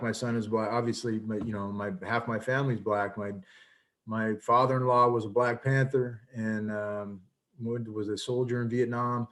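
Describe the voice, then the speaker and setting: A man's voice: medium pitch, darkish tone. A man in his fifties, a coach giving a casual lecture over a video call, talking earnestly with many fillers and restarts.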